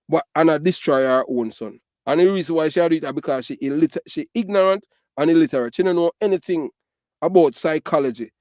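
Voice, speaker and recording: A man's voice: a little high, a little mellow, dry recording, clean studio sound. A middle-aged man from Jamaica with a Jamaican Patois accent, giving emphatic, repetitive commentary full of fillers. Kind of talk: casual ranting commentary.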